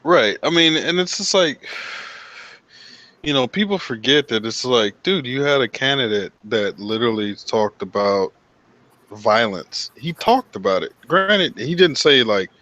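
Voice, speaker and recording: A man talking casually in a group chat, animated and full of swearing, calling everyone dude. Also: medium pitch, measured pace, muffled recording. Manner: animated, heavy swearing, says dude a lot. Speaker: podcast host.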